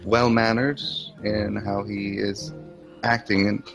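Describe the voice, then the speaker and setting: A man, a player in a tabletop game, slowly describing his character. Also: lowish voice, flat delivery, gravelly, fairly bright tone, soft background music. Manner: slow, deliberate description.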